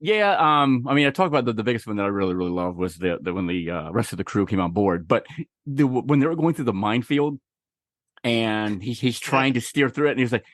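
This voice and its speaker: A man guest in casual podcast chat, retelling scenes in an animated way. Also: medium pitch, brisk, no echo, clean studio sound.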